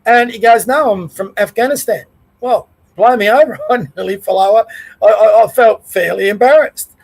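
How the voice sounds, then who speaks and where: A middle-aged Australian man hosts his own show, talking in a rambling, conversational way. His voice sits fairly high for a man. He speaks plainly and stops now and then to correct himself. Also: moderate pace, gravelly, darkish tone, rough recording. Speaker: podcast host. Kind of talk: casual political rant.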